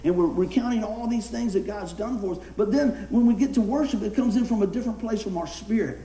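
A man's voice: high voice, dark tone, reverberant. A man preaching a sermon in a folksy way, telling a funny personal story and laughing as he goes.

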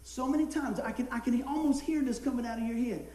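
A man's voice: very high voice, quick pace, echoey room, rough recording. A man preaching a sermon as pastor, telling a story with lots of laughter. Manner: storytelling, animated, laughs often.

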